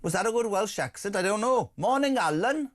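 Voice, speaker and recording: A man's voice: high-pitched, quick pace. A man with a British accent hosting a breakfast radio talk show, opinionated and rambling, often restarting his sentences. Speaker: radio host.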